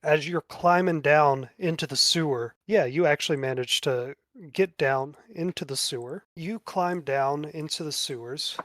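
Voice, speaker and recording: A man narrating a tabletop game as game master, in a relaxed, casual way. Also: fairly high pitch, a little slow, no echo, clean studio sound.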